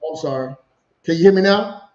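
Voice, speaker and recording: A man in his forties telling his own story in a casual, animated way, repeating himself and acting out the dialogue, over a video call. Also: fairly high pitch, a little fast, roomy sound, dull audio. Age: 40s. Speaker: guest.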